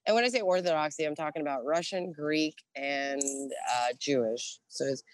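A middle-aged woman guest casually telling a profane story about her Navy years, acting out the dialogue with animated energy. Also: low-pitched, moderate pace, no echo. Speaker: guest, former Navy religious program specialist.

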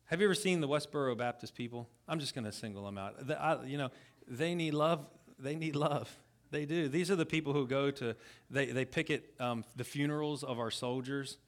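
As a guest preacher at a church service, a man gives a conversational sermon in a mid-range voice, talking a little fast. He's casual and earnest, often restarting sentences and addressing the congregation directly with asides.

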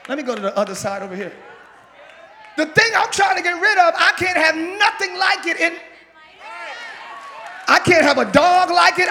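A male pastor preaching a sermon in a large church hall, shouting and calling on the congregation to respond. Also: very high voice, gravelly. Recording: live church hall with long reverb, crowd noise.

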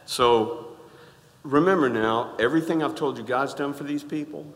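A middle-aged man preaching a sermon in a church, animated and rising to loud exclaims, often asking the congregation to answer back. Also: mid-range voice, normal speed. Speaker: pastor. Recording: reverberant church hall.

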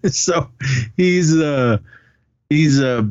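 A man's voice: on the high side, extremely slow, a little mellow, smooth, no echo, muffled recording. A man co-hosting a podcast, casually retelling movie scenes, often laughing and swearing now and then. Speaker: podcast co-host. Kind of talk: casual movie recap chat.

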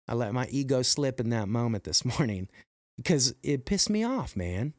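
A middle-aged man talking on his podcast, earnest and pumped up, rambling with restarts and leaping up in pitch whenever he acts out quoted exclamations. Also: dry recording, studio quality. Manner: jumps high for quoted exclamations. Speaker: podcast host. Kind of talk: motivational podcast monologue.

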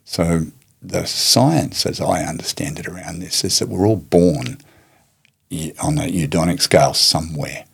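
A man being interviewed as a guest, answering in a measured, reflective way and telling stories in which he acts out what other people said. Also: deep voice, creaky, a bit bright, breathy edge. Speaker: guest, martial arts teacher and charity head.

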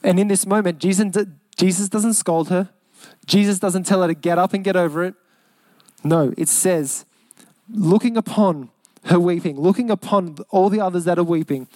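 A young man with an Australian accent preaching a sermon as pastor, earnest, repeating lines for emphasis and slowing down on key phrases. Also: high voice, dark tone, no room sound.

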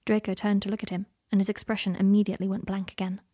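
A woman reading a story aloud in a soft-spoken way that often drops into whispers. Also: medium pitch, level tone, fast talker, no echo, studio quality. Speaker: reader. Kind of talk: reading fan fiction aloud.

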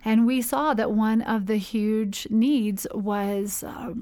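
A woman's voice: fairly high pitch, steady tone, takes it slowly, mellow. A woman, founder of a charity, telling her story in a casual interview, chatty and rambling with fillers and restarts. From United States.

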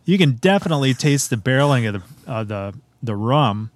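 A man's voice: medium pitch, expressive, a little fast, no room sound. A man casually chatting through a beer tasting, describing it in detail and laughing often. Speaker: beer reviewer.

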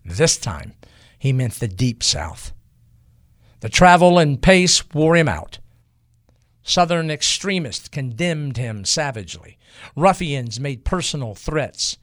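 A man giving a scripted history narration in a measured, emphatic storytelling manner. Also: medium pitch, sing-song, fairly bright tone, dry recording, clean studio sound.

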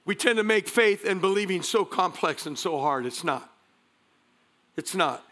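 A man preaching a passionate sermon in a church, shouting and laughing as he goes. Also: sits high, expressive, moderate pace. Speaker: guest pastor. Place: large church sanctuary.

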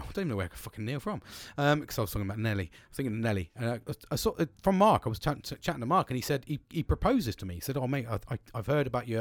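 Male podcast host, casual profane ramble, average pitch, dry recording. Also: no room sound. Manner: rambling and heavily profane, with frequent restarts. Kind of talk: casual solo podcast monologue.

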